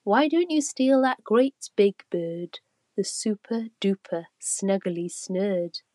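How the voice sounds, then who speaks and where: A woman voicing a big, crafty goose with a sly, high voice. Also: expressive, slow pace, dark tone, no echo.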